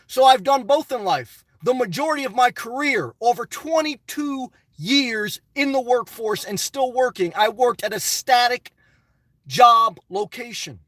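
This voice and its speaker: A man's voice: extremely high pitch, animated, unhurried, fairly bright tone, no echo, distant mic. A middle-aged man hosting a casual live stream, answering chat in a blunt, opinionated, rambling way.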